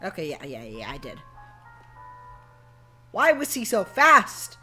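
Soft music plays behind a woman streamer who jokes and banters with her chat and cohost while gaming in a casual chat. Her voice sits on the low side, with huge pitch swings, a slow pace and a sharp tone.

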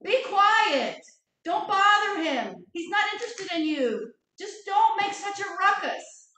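A woman voicing a scolding crowd that hushes a beggar loudly. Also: very high voice, lively intonation, measured pace, pitched above the performer's own voice, full character voice. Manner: loud, scolding. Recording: echoey church hall from far off.

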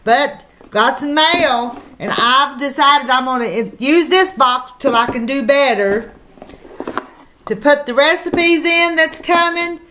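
A woman's voice: high voice, takes it slowly, sharp tone, slight background noise. A woman with a Southern country accent, chatting folksily to her viewers while opening mail on her vlog. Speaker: channel host.

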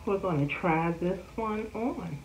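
Slow, low-voiced woman chatting. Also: a little hiss or hum. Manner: chatty, many fillers and small laughs. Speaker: doll hobby vlogger. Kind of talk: casual vlog chat. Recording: slightly dull, roomy home recording.

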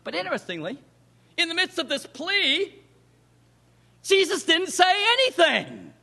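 Brief: animated male preacher, bright and forceful, high-pitched, delivering a sermon. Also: a little slow, gravelly. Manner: animated, acts out the quoted voices in the scripture story.

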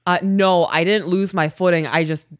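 A woman co-hosting a podcast, telling a story in casual chat, animated, swearing and laughing often. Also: on the low side, moderate pace, dry recording, clean studio sound. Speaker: podcast co-host.

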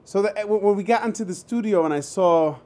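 A male actor telling a casual story on a video call, animated and loose, swearing freely and acting out what he said. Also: sits high, fast. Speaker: actor, guest.

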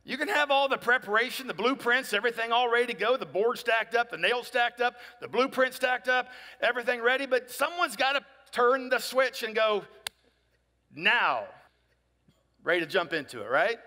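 Male pastor preaching, high bright voice, chatty, keeps asking right?, long hall reverb. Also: lively intonation, normal speed. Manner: conversational, asks "right?" often, acts out people in dialogue. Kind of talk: sermon.

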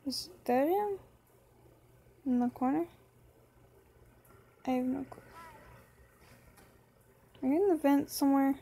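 A woman's voice: high voice, animated, slow pace, gravelly, pauses often, warm tone. A woman giving playful horror game commentary as a gaming channel host, talking to the game character.

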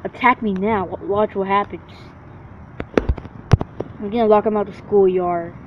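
Speaking at a measured pace in a high, steady voice, this gamer trash-talks his way through profane let's-play commentary. A faint hiss sits under the dull, lo-fi recording.

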